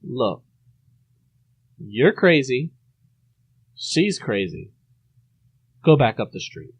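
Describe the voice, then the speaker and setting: A man doing a calm, stern mother. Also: fairly low pitch, voice pushed down, natural voice. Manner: calm, flat, measured.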